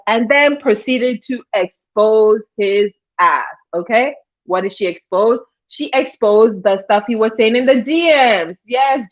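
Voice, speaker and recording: A woman hosting a livestream in casual commentary, chatty, greeting viewers by name as she talks. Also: fairly high pitch. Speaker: livestream host. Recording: dull lo-fi stream audio.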